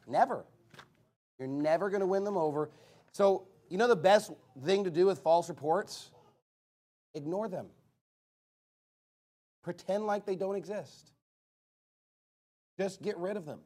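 A man's voice: sits high, lively intonation, normal speed, long pauses, a little mellow. A man preaching a sermon, emphatic and repetitive, sometimes mimicking arguments mockingly.

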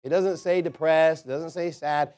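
A man preaching a sermon as a pastor, emphatic, swinging between loud declarations and quiet asides. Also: on the high side, fairly even intonation, normal speed.

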